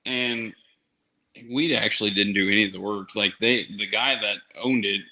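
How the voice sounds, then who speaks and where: Laid back guy telling a story on a podcast, bright-sounding voice. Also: lowish voice, steady tone, normal speed, poor audio. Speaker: guest. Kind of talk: casual chat.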